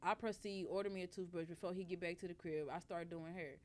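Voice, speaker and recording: A woman telling a story in casual chat on a podcast, animated and profane, acting out the lines she quotes. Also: on the low side, fast talker. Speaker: podcast guest.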